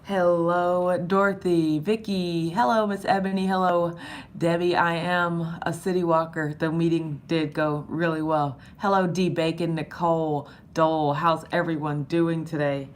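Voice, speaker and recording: Hoarse woman chatting on a live stream. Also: fairly even intonation, measured pace, slight background noise. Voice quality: low, husky from strain. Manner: chatty, greets viewers by name. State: hoarse, losing her voice. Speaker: vlogger greeting live chat. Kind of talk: casual live-stream chat.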